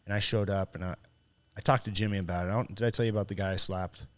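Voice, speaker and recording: A man with a fairly low voice, chatting casually on a podcast and telling a story, heavy on profanity. He gets animated as he relives a run-in and shifts between quiet and loud stretches. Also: rapid-fire. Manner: profane, animated when retelling a confrontation. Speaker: podcast host.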